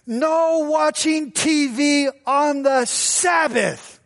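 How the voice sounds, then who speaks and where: Male pastor doing a prim young woman, clipped and scolding, pitched up high. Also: very slow, fairly bright tone, full character voice. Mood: stern. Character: stern upset young woman, rule-bound.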